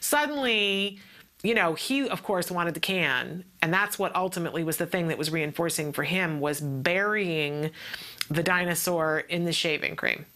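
Bright-voiced woman telling a lively story. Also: low-pitched, moderate pace. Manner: expressive storytelling, acting out quotes. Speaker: parent sharing advice with other parents. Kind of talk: casual teaching talk.

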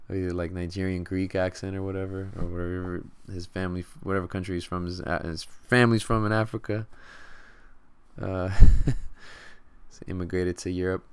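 Young male podcast host, smooth tone, relaxed slangy banter. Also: deep voice, normal speed. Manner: laid-back, slangy, thinks aloud with fillers. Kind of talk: casual sports podcast chat.

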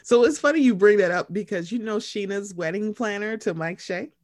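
A woman's voice: brisk, dry recording, studio quality. A woman co-hosting a casual chat, telling stories and acting out what people said with big swings in her voice. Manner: animated, acts out quotes with big pitch jumps and laughs. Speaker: podcast co-host.

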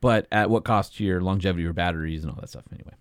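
A man's voice: sits low, very fast, clear, resonant tone, dry recording, studio quality. A man co-hosting a podcast in casual, joking chat, laughing often and reading listener emails. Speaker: podcast co-host.

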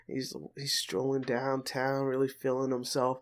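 A man's voice: medium pitch, unhurried. A man co-hosting a podcast, chatting casually and animatedly, retelling scenes with jokes. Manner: animated, joking storyteller. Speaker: podcast co-host. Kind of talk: casual chat.

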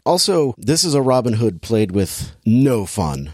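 A man's voice: medium pitch, big pitch swings, measured pace, hardly any pauses, a little mellow, no echo, clean studio sound. A man hosting a casual movie-review chat, talking in a sardonic, rambling, exasperated way.

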